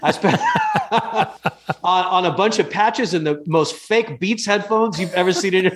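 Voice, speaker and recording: A fairly high-voiced young man talks as a guest on a podcast. He tells stories in a quick, animated way, full of restarts. His easy, joking chat carries a comedian's timing. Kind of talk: casual storytelling chat.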